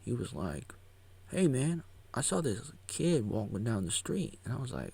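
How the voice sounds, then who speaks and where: In casual live commentary on a video about his own life, this vlogger is goofy and wandering, breaking into whispers and silly voices. He has a medium-pitched, warm, husky voice with vocal fry, a sing-song lilt, and a moderate pace.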